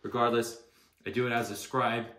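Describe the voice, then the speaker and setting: A man's voice: medium pitch, level tone, moderate pace, bright, forceful tone, reverberant. A man telling an aggrieved, exasperated story about a bad customer experience, speaking casually. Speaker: customer posting a complaint video. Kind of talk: casual spoken complaint.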